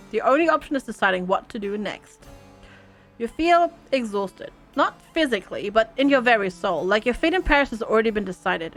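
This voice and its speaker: A woman hosting a game playthrough, reading the story text aloud and joking between passages. Her voice is high and very animated. Soft game music sits faintly underneath. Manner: playful, laughs often. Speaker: gaming channel host.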